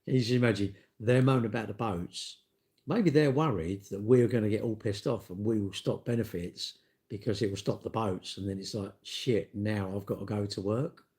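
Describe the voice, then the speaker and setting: A man's voice: on the low side, moderate pace, a little mellow. A man, ranting bluntly and swearing in a casual live-stream monologue. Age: 60s. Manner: blunt, sweary, storytelling with acted-out quotes.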